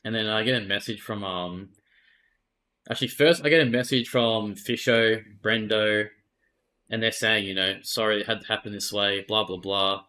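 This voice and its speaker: A man's voice: fairly low pitch, fairly even intonation, normal speed, pushed and bright. An Australian man, an esports player, candidly retelling events in a casual interview and swearing freely.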